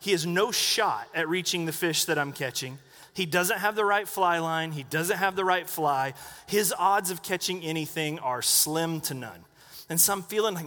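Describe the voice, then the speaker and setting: In a church sanctuary with long hall reverb, a middle-aged man preaches a sermon story, chatty and full of asides and quotes he acts out. His pitch is fairly high, his pace moderate, and his tone bright and forceful.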